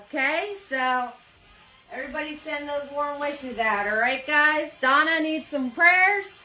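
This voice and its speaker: A woman's voice: high-pitched, sharp tone. Bubbly chatty woman hosting a paint party. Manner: chatty, upbeat, greets viewers by name. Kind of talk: live-streamed painting class. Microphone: phone in a holder.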